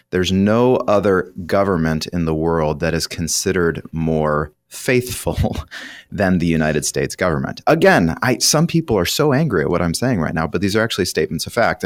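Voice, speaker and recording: A man's voice: sits low, no echo. A man who is a retirement planning professional explaining finance on a radio talk show, emphatic and explanatory. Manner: explanatory, emphatic, occasional laughs.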